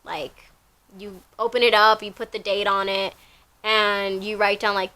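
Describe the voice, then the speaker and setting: A woman's voice: mid-range voice, fairly even intonation, normal speed, sharp tone. A young woman telling a rambling, casual story from her job, full of fillers and repeats.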